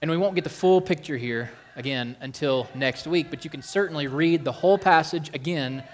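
A man preaching a sermon, slow and emphatic, calling to the congregation for amens. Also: a little high, muffled recording, slight background noise. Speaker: pastor.

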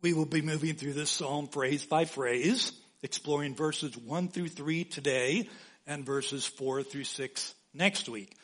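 Slow, emphatic male preacher. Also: on the high side, fairly bright tone, slightly rough. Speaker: pastor. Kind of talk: sermon.

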